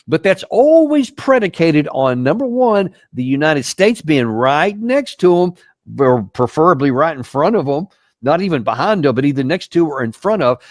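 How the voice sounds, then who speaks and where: A man's voice: fairly high pitch, sing-song, normal speed, no echo, studio quality. A man hosting a show, giving emphatic, incredulous commentary on news clips. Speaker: host and military commentator.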